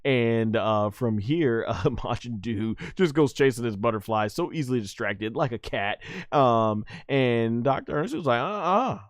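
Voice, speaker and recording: A man's voice: mid-range voice, measured pace, few pauses, no room sound, clean studio sound. A man hosting his own channel, recapping an anime episode in a rambling, casual way, full of fillers, restarts and frequent chuckles.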